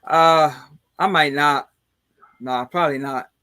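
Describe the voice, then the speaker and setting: A man's voice: a little high, slow pace, pushed and bright. A man hosting a casual podcast chat who rambles along, filling his talk with "man" and "you know". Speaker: podcast host.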